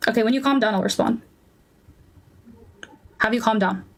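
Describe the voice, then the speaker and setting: A woman's voice: a little high, moderate pace. A woman debating heatedly online, insistent and repeating herself to talk over interruptions.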